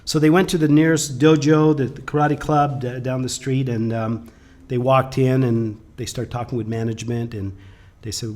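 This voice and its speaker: A man presenting a webcast, telling a motivational story with an animated delivery that swings from loud bursts to hushed lines. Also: mid-range voice, moderate pace.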